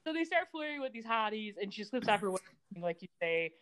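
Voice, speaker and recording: A woman's voice: medium pitch, quick pace, slight background noise. A woman co-hosting a podcast, recapping a TV episode in casual chat with sarcastic asides and frequent laughs. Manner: animated, sarcastic, laughs often. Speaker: podcast co-host recapping a TV show.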